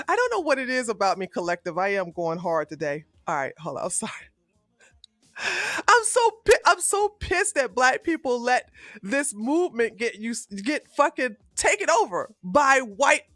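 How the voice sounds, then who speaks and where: A woman streamer rants with fiery, profane heat in live-stream commentary from a home streaming setup. Her voice is bright and sits high, with a lively, wide-ranging pitch. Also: moderate pace, no room sound, studio quality, faint music behind.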